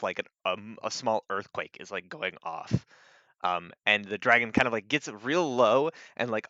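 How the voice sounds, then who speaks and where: A man running a tabletop game as game master, narrating haltingly with many fillers. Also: fairly low pitch, pushed and bright, no echo. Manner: halting, full of "like" and "um". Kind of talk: live-streamed tabletop narration. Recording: dull lo-fi mic.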